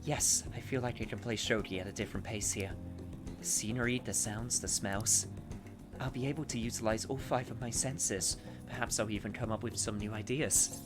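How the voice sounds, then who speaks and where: A man reading a calm, composed young female shogi player's lines from a game, in a quiet, measured voice. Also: on the low side, music in the background, close to an everyday voice.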